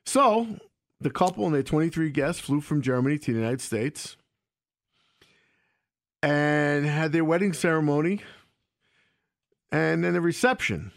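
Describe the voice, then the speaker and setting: A man's voice: on the high side, measured pace, gravelly, pauses often, dry recording, clean studio sound. A man co-hosting a sports radio show, chatting casually and telling stories with animation. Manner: animated storyteller.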